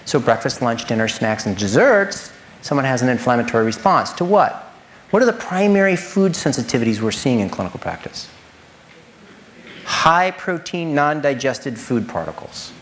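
Giving an animated lecture as a nutritionist, a man speaks directly to his audience and fires off rhetorical questions. He talks at medium pitch and normal speed, with slight hiss or hum in the background.

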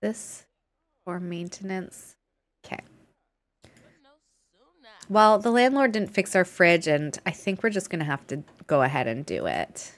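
A woman's voice: lowish voice, animated, measured pace, pauses often. A chatty woman streaming a life-sim game, narrating what she sees with little laughs. She talks straight at her characters in a friendly, easygoing way, as if they could hear her. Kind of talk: live gameplay commentary.

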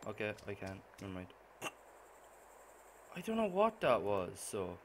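A young man giving profane gameplay commentary, muttering to himself and then suddenly yelling. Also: lowish voice, wildly swooping pitch, measured pace. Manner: swears constantly, muttering that bursts into sudden yells. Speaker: gaming channel host. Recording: noisy gameplay recording.

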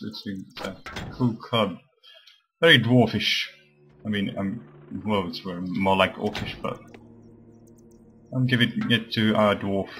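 Slow-talking man narrating his gameplay. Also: lowish voice, a bit bright, slight background noise. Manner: chatty, joking, swears at the game. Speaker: let's play commentator. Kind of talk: casual gameplay commentary.

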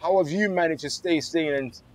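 Quick-talking male interviewer. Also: a little high, a little mellow, rough recording. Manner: halting, restarts questions. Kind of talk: interview questions.

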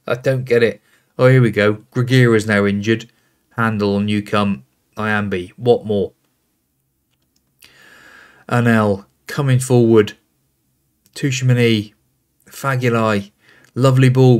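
A man's voice: medium pitch, fairly even intonation, measured pace, long pauses, darkish tone. Exasperated man commentating his football game. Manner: exasperated, calls out player names as play unfolds. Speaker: gaming host.

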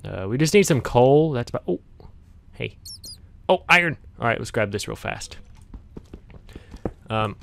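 A man's voice: mid-range voice, expressive, unhurried, gravelly, pauses often, a bit bright, slight background noise. A man hosting a gaming channel, chatting to viewers as he plays, easily startled, with yelps and laughs. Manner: talks directly to viewers. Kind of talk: casual gameplay commentary.

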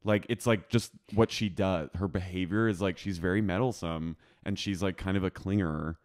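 A man co-hosting a podcast, chatting casually and animatedly about a reality show, jumping into squeaky impressions. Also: moderate pace. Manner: animated, jumps into squeaky high voices for impressions. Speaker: podcast co-host. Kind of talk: casual pop-culture recap chat.

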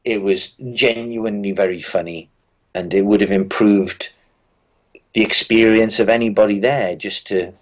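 A British musician guest in a casual interview, telling dry, wry anecdotes with frequent restarts. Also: male voice, fairly low pitch, fairly even intonation, moderate pace, low-quality recording. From Britain.

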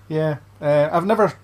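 A man hosting a casual podcast chat, rambling with many fillers. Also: fairly high pitch. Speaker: podcast host.

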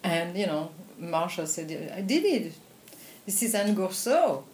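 Woman, French accent, older, lively anecdotes, laughs often, roomy echo. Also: on the low side, measured pace, a little hiss or hum. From France. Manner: animated anecdotes with frequent laughs and "you know". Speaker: film editor and director, guest. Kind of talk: conversational interview storytelling.

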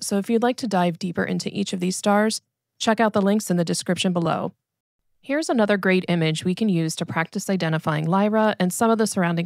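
Woman narrating a sky lesson, calm and clear, kinda gravelly, dry close mic. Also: on the low side, no echo. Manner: calm, clear instructional delivery. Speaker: astronomy educator. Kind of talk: scripted narration.

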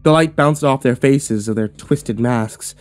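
A man narrating a first-person horror story in a subdued, measured way. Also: medium pitch, darkish tone.

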